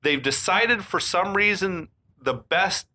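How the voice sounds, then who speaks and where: A man's voice: high voice, lively intonation, slow pace, bright, forceful tone. A man co-hosting a podcast, laid-back and quippy, laughing often while talking through a film. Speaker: podcast co-host. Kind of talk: casual movie recap chat.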